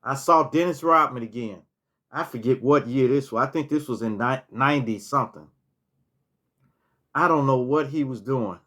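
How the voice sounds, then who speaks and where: A middle-aged storytelling vlogger rambles through a casual storytime monologue, restarting words and saying "you know" as he recalls things. His voice is mid-range and fairly bright, at a normal speed.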